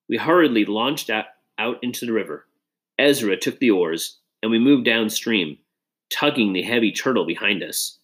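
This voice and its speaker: A man reading a children's adventure story aloud in an expressive, dramatic way. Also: fairly low pitch, moderate pace. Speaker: audiobook reader. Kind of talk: storybook narration.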